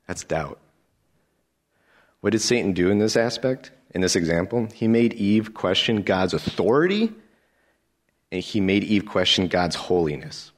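A low-voiced man preaching a sermon with very lively swings in pitch. He is emphatic and rhetorical, building his points through repetition. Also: normal speed. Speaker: pastor.

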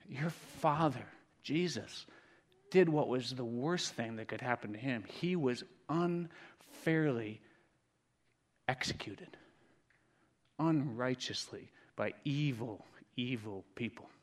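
A man preaches to his congregation in a mid-pitched voice. He sinks to soft, hushed lines and then climbs into loud, fervent proclamations. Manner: dramatic swings from hushed to shouting. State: out of breath. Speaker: pastor. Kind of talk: sermon.

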